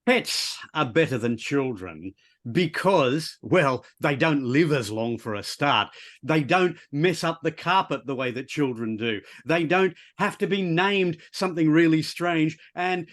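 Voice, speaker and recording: Guy on a video call rambling a silly made-up speech, slightly high voice, self-mocking. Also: animated, unhurried, fairly bright tone. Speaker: club member giving an impromptu speech. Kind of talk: playful improvised speech. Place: online video meeting. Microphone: computer mic on a video call.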